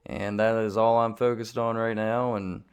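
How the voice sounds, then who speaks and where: Male host, smooth resonant lowish voice, candid and earnest, self-deprecating. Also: flat delivery, normal speed. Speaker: channel host. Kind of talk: candid confessional talk.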